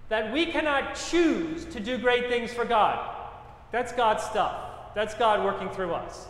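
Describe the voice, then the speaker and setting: Middle-aged pastor guy, high voice, preaching with lots of repetition, long boomy hall reverb. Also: slow pace, fairly bright tone. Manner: emphatic preaching with rhetorical repetition and storytelling. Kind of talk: sermon.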